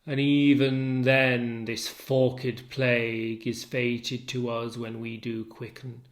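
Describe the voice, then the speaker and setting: A man voicing Othello, a tormented, jealous older husband, in a low, brooding recitation of verse. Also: flat delivery, slow, close to an everyday voice.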